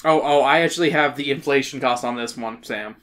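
A woman's voice: rumbling low, fairly quick. A woman hosting a casual podcast, recapping a children's horror book with jokes and swearing. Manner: animated, swearing, joking recap. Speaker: podcast host. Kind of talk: casual chat, summarizing a book.

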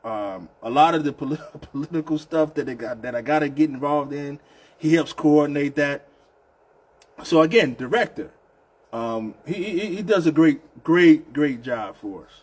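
A man's voice: on the high side, moderate pace, breathy edge. A man with a Southern US accent hosting a casual union live show, talking loosely and repeating himself, often calling people "man". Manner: loose, repetitive, chatty, says "man" often. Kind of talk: casual live-stream talk.

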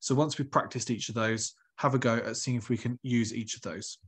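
Man, primary teacher, recorded online lesson, encouraging, slightly husky. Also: medium pitch, fairly even intonation, fairly quick. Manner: patient, encouraging, asks pupils questions.

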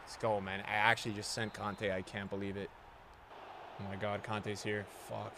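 A young man giving live commentary on his own football video game match to his chat, excitable, swearing often and yelling at big plays. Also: lowish voice, moderate pace, noisy background. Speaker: game streamer.

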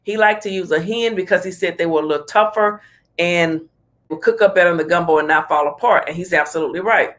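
A woman's voice: lowish voice, fairly bright tone. Chatty woman host giving her opinions. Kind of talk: casual commentary.

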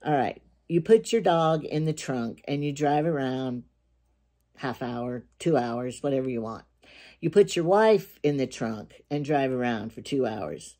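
An older woman chats to the camera in a rambling, homey way, hopping between her groceries, a joke and her nails. Her voice is mellow and soft-edged. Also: a bass voice, expressive, moderate pace. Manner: rambling, chatty, jokey. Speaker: vlogger. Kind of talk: casual chat to camera.

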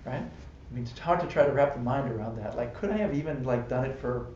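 A man of middle pitch leads a relaxed Buddhist class, talking loosely and laughing often. His voice sits in an echoey room, and the live-stream sound is dull with a faint hiss. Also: fairly quick. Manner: chatty, laughing often, many "you know" and "right?". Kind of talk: casual dharma class lecture.

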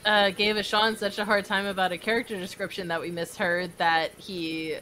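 A woman's voice: mid-range voice, flat delivery, normal speed, bright, forceful tone, a little hiss or hum. A woman co-hosting a casual podcast chat, telling a funny story with lots of laughter. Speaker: podcast co-host.

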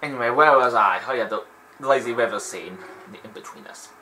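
Brisk and pushed, his mid-range voice bright, a man rambles through a let's play with lots of digressions and laughter. Slight background noise sits on the low-quality recording.

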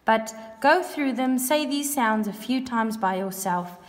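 A woman's voice: a little high, expressive, a little slow, long reverb tail. A woman teacher, patiently demonstrating and repeating sounds in a recorded lesson.

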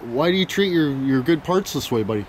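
A young man vlogging outdoors on a handheld camera, rambling and joking loudly with plenty of slang and swearing. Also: fairly high pitch, lively intonation, fairly quick, a crowd in the background. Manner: loud, profane, joking banter with lots of slang. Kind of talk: casual rambling vlog chat.

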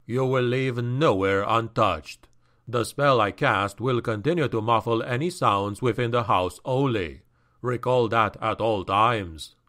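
A man voicing a menacing demonic high priest. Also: fairly bright tone, lightly acted. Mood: scornful. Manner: slow, measured and commanding. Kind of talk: audiobook character voice.

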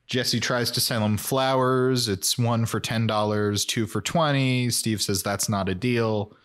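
A man's voice: medium pitch, fairly even intonation, a little slow, fairly bright tone, clear, resonant tone. A young man co-hosting a podcast, recapping an episode in casual chat with hesitant restarts and dry jokes. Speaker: podcast co-host.

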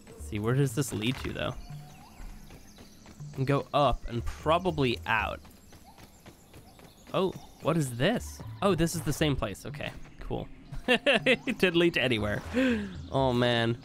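A man's voice: mid-range voice, very animated, slow, long pauses, a bit bright, faint music behind. A man giving chatty let's play commentary as he plays, thinking aloud with plenty of fillers. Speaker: gaming video creator.

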